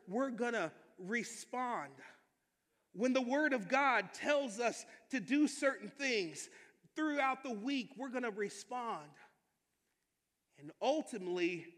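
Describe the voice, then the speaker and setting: A male pastor preaching a sermon with energetic, emphatic delivery and calls for amens to the congregation. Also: extremely high pitch. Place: church sanctuary. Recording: long hall reverb.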